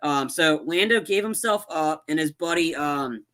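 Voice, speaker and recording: Casual podcast co-host, male, tense bright tone, slightly high, rambles and backtracks with plenty of fillers. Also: expressive, unhurried. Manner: rambling, many fillers and restarts. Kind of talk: casual movie chat.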